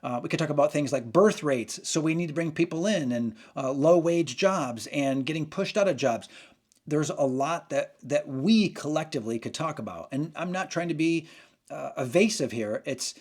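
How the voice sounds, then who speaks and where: A man's voice: fairly high pitch, expressive, normal speed, darkish tone. A man hosting a casual opinion monologue, rambling and often stopping to correct himself. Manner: rambling, frequent restarts and self-corrections. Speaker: channel host.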